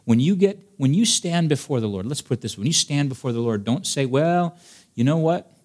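A man's voice: medium pitch, big pitch swings, fast talker, darkish tone. A male pastor preaching a sermon to his congregation, emphatic and direct, full of rhetorical questions. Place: church service before a congregation.

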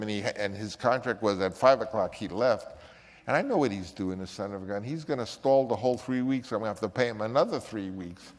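An older man with a fairly low voice tells a story in an interview, animated and lively, acting out other people as he goes. His voice trails off in a long reverb, as if in a large space. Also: quick pace. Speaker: filmmaker recalling a casting story.

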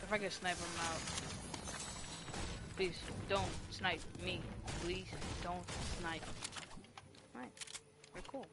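A gamer chatting casually while streaming, breaking into loud yelps and laughter. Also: medium pitch, fairly even intonation, slow pace, long pauses, loud music behind the voice. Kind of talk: casual gaming chat.

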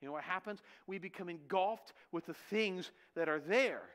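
A man's voice: high voice, moderate pace. A middle-aged male pastor preaching a sermon in church, telling stories with lots of rhetorical questions. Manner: animated storytelling, rhetorical questions.

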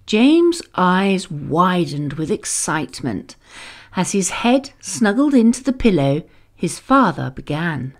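A woman reading a children's storybook aloud, slow and expressive. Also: on the low side.

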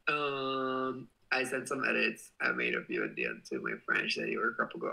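A man's voice: fairly low pitch, little pitch movement, unhurried, vocal fry, pauses often, sharp tone, low-quality recording. A young man hosting a casual livestream, reading out viewer comments in a bubbly, giggly way and swearing playfully. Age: young adult. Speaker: livestream host.

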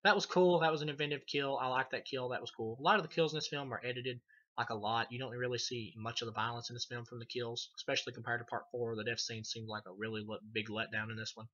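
A man's voice: mid-range voice, steady tone, quick pace, pushed and bright, lo-fi sound. A man giving a casual, profane film review, rambling and laughing as he retells scenes. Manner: rambling, swears a lot, laughs often. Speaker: movie reviewer.

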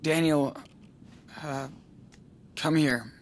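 A man's voice: a little high, steady tone, very slow, slight background noise. An actor voicing a teenage boy in a video game, a tense and protective older brother who pleads with his sibling. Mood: resolved.

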